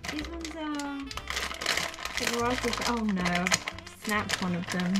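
A woman's voice: a little high, expressive, measured pace, very noisy. A woman vlogging in a casual, chatty way, laughing often while making coffee at home. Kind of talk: casual chat. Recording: music playing clearly behind.

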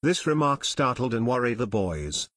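Expressive male audiobook narrator. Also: mid-range voice, moderate pace, no room sound, clean studio sound. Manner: expressive, voices every character.

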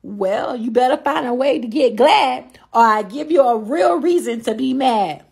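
A woman voicing a bossy, sassy old grandmother who scolds loudly in a comedy skit. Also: high-pitched, expressive, measured pace, creaky, slightly rough, full character voice. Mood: scolding. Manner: scolding, loud, calls everyone child.

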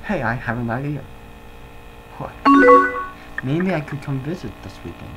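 A man voicing a sad, lonely young woman, reading her chat lines aloud in a soft, subdued tone. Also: mid-range voice, animated, moderate pace, lightly acted, rough recording. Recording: loud game music behind voice.

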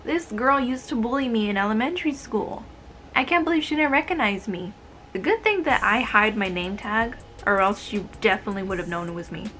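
Woman, twenties, sarcastic, exasperated storytime vlog, slightly high voice, soft background music. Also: expressive, brisk. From United States. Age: 20s. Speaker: vlogger telling work stories. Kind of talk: casual storytime narration.

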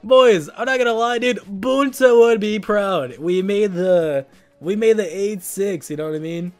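Young man, high-pitched voice, excitable slangy gaming commentary, faint music behind. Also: unhurried. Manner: excitable, slangy, laughs often. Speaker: gaming video host.

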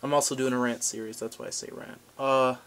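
A young man rants to his camera in a goofy, rambling way, tossing in sudden random outbursts. His voice is bright and forward, sitting at a middle pitch for a man. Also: steady tone, fairly quick, clean tone. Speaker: vlogger. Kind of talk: comedic rant to camera.

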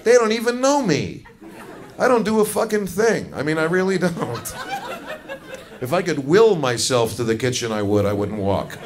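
A man's voice: a little high, big pitch swings, normal speed, crowd noise. A man doing a crude, self-mocking stand-up comedy routine, telling a story to a laughing audience. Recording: noisy live comedy recording.

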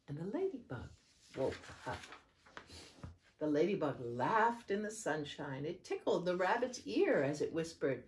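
Slow, sing-song woman reading to children. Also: very animated. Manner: sing-song storytelling, jumping high for quoted lines. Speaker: children's program facilitator. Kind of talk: reading picture books aloud to children.

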